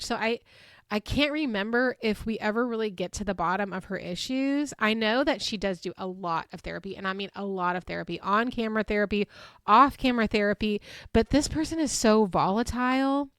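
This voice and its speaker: A woman in her thirties, hosting a podcast and retelling events in a chatty, animated way, full of fillers. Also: medium pitch, smooth, no echo, studio quality. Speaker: podcast host. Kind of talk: casual recap chat.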